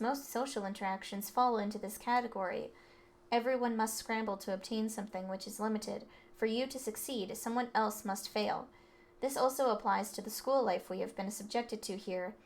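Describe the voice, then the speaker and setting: A woman reading a calm, analytical teenage girl explaining things in measured tones. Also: fairly high pitch, close to an everyday voice. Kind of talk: reading game dialogue aloud.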